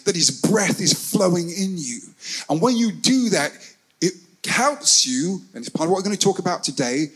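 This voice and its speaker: A man preaching with a high, ringing voice that climbs for emphasis and drops to a near whisper for quiet asides. He repeats key phrases and calls on the congregation to answer back. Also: slightly rough, rough recording. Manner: animated preaching, swinging between loud calls and hushed asides; repeats phrases and leads call-and-response with the congregation. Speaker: pastor. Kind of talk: sermon.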